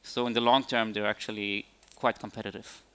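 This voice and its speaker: Male tech speaker at a conference Q&A; bright voice, halting delivery. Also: fairly low pitch, level tone, clear, resonant tone. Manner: hesitant, many fillers and restarts. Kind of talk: conference Q&A answers.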